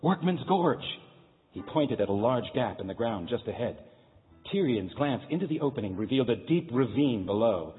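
Expressive male storyteller, tinny line. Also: on the low side, a little fast. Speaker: narrator. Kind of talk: dramatic story narration. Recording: tinny, echoey hall, faint music.

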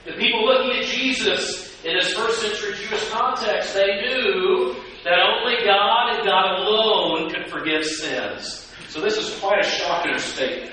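A man preaching a sermon and asking the congregation questions, lively and animated. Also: sits high, normal speed. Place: church sanctuary. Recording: echoey church from a distance with hiss.

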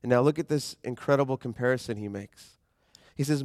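A man preaching a sermon as pastor in a conversational, animated way, slowing down when he reads scripture. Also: mid-range voice, dry recording, clean studio sound.

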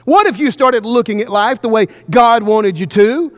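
A man preaching a sermon, pressing the congregation with repeated questions and slowing down for emphasis. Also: very high voice, a bit bright. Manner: emphatic, questioning the congregation, varying pace widely. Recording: long hall reverb.

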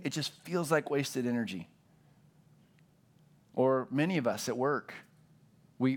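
Middle-aged male pastor, slightly high voice, conversational church sermon with lively storytelling. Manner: conversational storytelling, animated, with repeated restarts. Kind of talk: sermon with opening prayer. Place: church auditorium.

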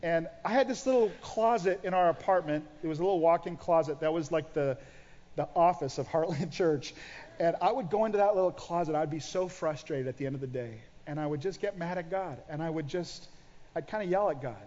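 A middle-aged male pastor preaches a sermon in a church auditorium, telling his own story and acting out the prayers he once prayed. His voice is fairly high, brisk and darkish, and the recording sounds dull in the large, reverberant hall.

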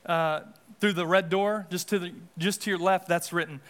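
A man with a high, fairly bright voice speaks at normal speed with fairly even intonation. He's a pastor delivering a casual, conversational sermon in a church sanctuary, often restarting and adding asides.

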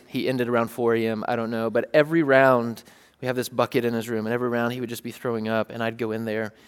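A man in his thirties preaching a casual sermon, telling a story with self-deprecating humor. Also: medium pitch. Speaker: pastor. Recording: long hall reverb.

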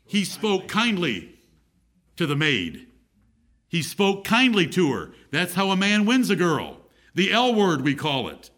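Middle-aged male pastor, emphatic sermon delivery, somewhat high voice with lively swings in pitch. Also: measured pace. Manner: emphatic, repeats key phrases, reads scripture aloud. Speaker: preacher.

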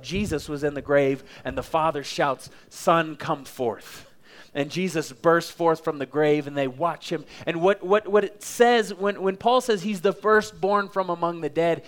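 Middle-aged pastor from Oklahoma, slightly high voice, dramatic emphatic sermon delivery. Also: male voice. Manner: emphatic, dramatic, builds with repetition.

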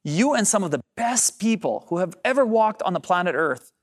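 A man's voice: sits high, big pitch swings. Emphatic male pastor preaching. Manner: emphatic, drawn-out key phrases; direct address to the congregation. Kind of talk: sermon.

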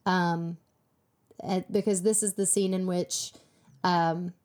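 A woman co-hosting a casual TV recap chat, animated and acting out quoted lines. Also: fairly low pitch, takes it slowly. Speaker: podcast co-host.

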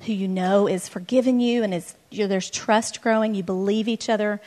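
A woman's voice: mid-range voice, steady tone, fairly quick, dark tone. Earnest woman co-teaching about marriage. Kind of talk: conversational teaching talk.

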